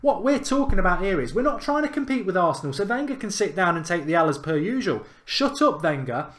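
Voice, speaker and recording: A man's voice: sits high, lively intonation, quick pace, a bit bright. A man hosting a fan channel and delivering an emphatic, indignant football rant. He repeats his points for effect.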